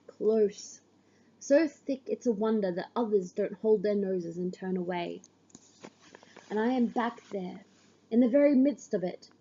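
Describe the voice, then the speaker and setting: A woman reading a literary story aloud in the first person, measured and grave, on a dull lo-fi recording. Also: fairly high pitch, mellow. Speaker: audiobook reader.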